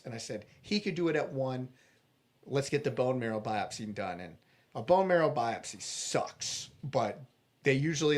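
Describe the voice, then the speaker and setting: A man being interviewed, earnestly retelling a personal story with animated restarts. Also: on the high side. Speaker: interview guest.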